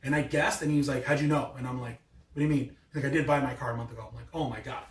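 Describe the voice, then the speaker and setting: A man's voice: medium pitch, steady tone, racing. A man in his thirties telling a rambling, exasperated story in a casual vlog. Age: 30s. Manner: rambling, exasperated, many restarts. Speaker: car vlogger. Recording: echoey, mic at a distance.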